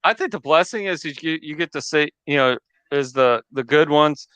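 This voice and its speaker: A woman's voice: deep voice, moderate pace, fairly bright tone, smooth, no echo. A woman hosting a casual live stream, mostly giving short agreeing replies. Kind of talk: casual chat.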